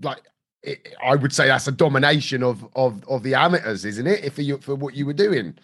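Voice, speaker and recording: A man's voice: mid-range voice, fairly quick, fairly bright tone. A man hosting a podcast, interviewing a guest with short reactions and questions. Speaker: podcast host.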